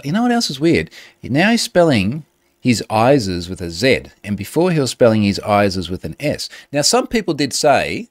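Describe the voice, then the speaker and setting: A man hosting a show in casual chat, sardonic and animated and often breaking into laughter. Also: fairly low pitch, moderate pace, no room sound, studio quality.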